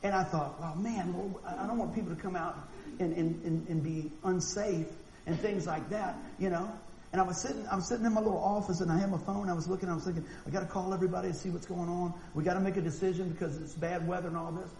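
A man preaching a sermon, animated and folksy, acting out quotes and often repeating words. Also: high voice, fast, vocal fry. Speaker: pastor. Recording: echoey room with faint noise.

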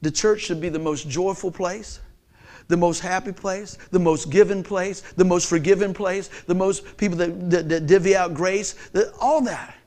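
High-voiced, animated male preacher. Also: normal speed. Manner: animated, swings from hushed to shouting; folksy, conversational preaching. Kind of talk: sermon.

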